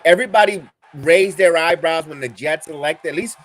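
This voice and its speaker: A middle-aged man with a Bronx New York accent, hosting a live football watch-along stream as an excitable, chatty fan. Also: fairly high pitch, moderate pace, no echo. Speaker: podcast host.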